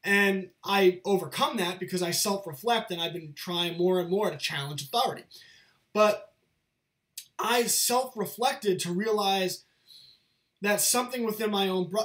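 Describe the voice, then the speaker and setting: A man's voice: high-pitched, normal speed, a bit bright. A young man, a show's host, talking in an earnest, lecturing monologue and repeating his points. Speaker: channel host. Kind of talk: casual monologue to camera.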